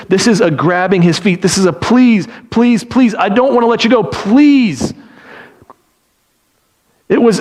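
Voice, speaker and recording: A man preaching with a notably high-pitched voice, telling a Bible story with animation. He slips into pleading voices for the characters and often repeats words as he restarts his phrases. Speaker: pastor. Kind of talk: sermon.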